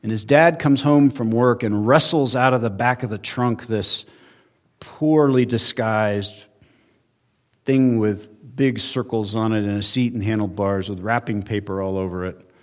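A male pastor preaching a sermon in a church, earnest, with emphatic rises and quiet drops. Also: fairly low pitch, a little slow. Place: church sanctuary.

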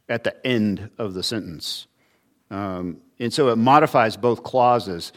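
Earnest man preaching a sermon. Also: lowish voice. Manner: earnest teaching with emphatic rises, occasional restarts. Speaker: pastor.

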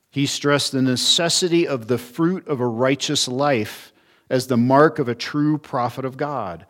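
Speaking at a medium pitch, a male pastor delivers an expository sermon in an earnest, teaching manner. He poses rhetorical questions and frequently shifts his emphasis.

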